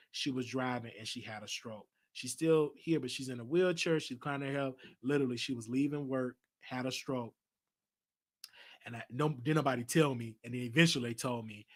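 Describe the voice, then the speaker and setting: Candid man venting on his stream. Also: mid-range voice. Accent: Southern US. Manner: candid personal venting, many restarts. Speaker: show host. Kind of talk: livestream talk show monologue.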